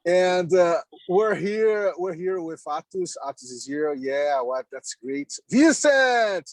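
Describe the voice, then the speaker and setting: Halting man on a video call. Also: a little high, fairly even intonation, a little mellow, dry recording. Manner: halting, repeats words, laughs often. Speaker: meeting participant. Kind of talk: casual video call chat. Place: in a car on the road.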